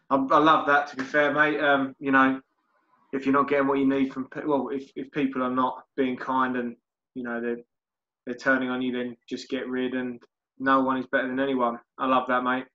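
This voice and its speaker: A man's voice: mid-range voice, bright, forceful tone. A man hosting a podcast, chatting casually and filling gaps with ums and uhs. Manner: chatty, friendly sign-off with fillers. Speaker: podcast host. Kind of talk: casual interview chat. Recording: dull lo-fi podcast audio.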